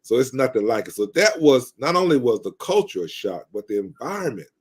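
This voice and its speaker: A man's voice: medium pitch, very animated, fairly quick, slightly rough. A man from North Carolina, a guest on a live stream, reminiscing in casual conversation with lots of fillers. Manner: reminiscing, rambling with many fillers. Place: live stream video call.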